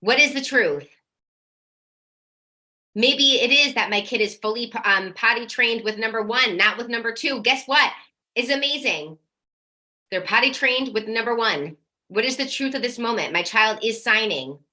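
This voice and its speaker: A woman's voice: on the high side, normal speed. A woman coaching parents in a live workshop, talking directly and energetically, now and then acting out their worried questions. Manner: energetic, direct, casual swearing.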